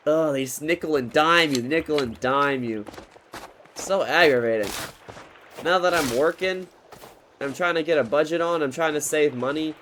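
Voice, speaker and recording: A man's voice: fairly high pitch, a bit bright, slight background noise. A young man in his twenties telling a frustrated, swearing story in a loose, casual rant while he plays a game. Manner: frustrated, swears often, talks loosely with restarts.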